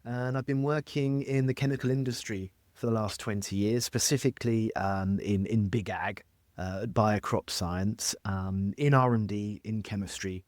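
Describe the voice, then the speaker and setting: A man from France with an English accent, speaking as a guest chemistry expert in a thoughtful, hesitant way with many pauses. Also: lowish voice, steady tone, dry recording. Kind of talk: casual podcast interview.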